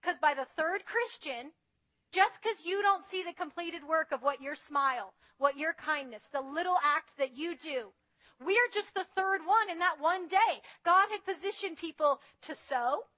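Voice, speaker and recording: A woman's voice: very high voice, a little slow, bright, forceful tone, poor audio. A woman preaching a sermon in an earnest, conversational way, telling personal stories. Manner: earnest, conversational, tells anecdotes.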